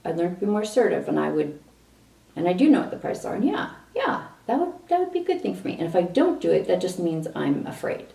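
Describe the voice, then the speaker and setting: A middle-aged woman vlogging a candid personal story, animated and exasperated at times. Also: fairly low pitch, quick pace, creaky. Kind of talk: personal reflective monologue. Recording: roomy echo, distant mic, faint ambience.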